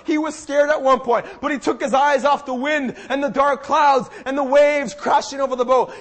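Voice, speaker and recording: A young male preacher with a notably high-pitched voice delivers his sermon with fervor. He is emphatic and impassioned, and he keeps circling back to repeat key phrases for force. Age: young adult. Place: church service.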